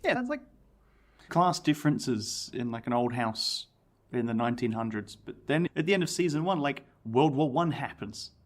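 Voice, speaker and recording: A man's voice: medium pitch, normal speed. A man from Australia, co-hosting a podcast, reading a book aloud and chatting with jokes. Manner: animated, jokey, laughs often. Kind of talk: casual chat and reading aloud.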